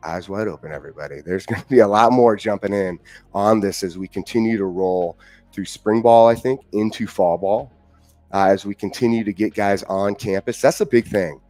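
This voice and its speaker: A man's voice: fairly low pitch, moderate pace, a little mellow, dry recording, soft background music. Upbeat man hosting a live sports chat. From Washington state, US. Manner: upbeat, repetitive, greets chat viewers. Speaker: livestream host.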